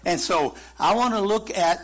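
A man's voice: high voice, normal speed, background noise. A man preaching a sermon in a folksy, conversational way, chuckling now and then. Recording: muffled lo-fi sermon recording.

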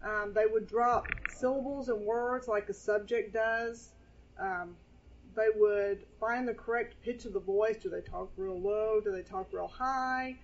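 A woman pastor, preaching a casual sermon in a chatty, animated way while seated at a table. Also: medium pitch, measured pace, a little hiss or hum. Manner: chatty, animated, scripture quoting. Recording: dull lo-fi sound.

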